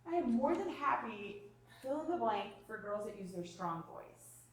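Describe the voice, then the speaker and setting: A woman presenting a parenting workshop to a live group, her voice fairly high and lively as she acts out little exchanges. The recording is very echoey and picked up from a distance. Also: a little slow, slight background noise. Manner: animated, acts out parent and child lines. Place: room with live audience. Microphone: distant room mic. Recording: echoey room from far off.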